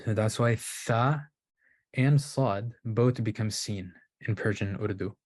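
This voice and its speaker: Slow and lowish in voice, a male Qur'an recitation teacher explains pronunciation in a lecture. He thinks out loud, starts over at points, and keeps checking in with "right?".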